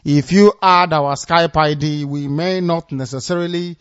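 A man hosting a radio phone-in show, briskly thanking the caller and reading out contact numbers. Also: fairly high pitch, fairly even intonation, clean tone, dull audio. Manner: brisk, announces phone lines. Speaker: radio host.

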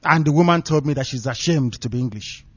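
A man's voice: a little high, a little fast, slightly rough, dry recording. A man broadcasting live on radio, talking in an emphatic, preaching declamation. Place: radio studio. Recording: dull, lo-fi dry studio sound.

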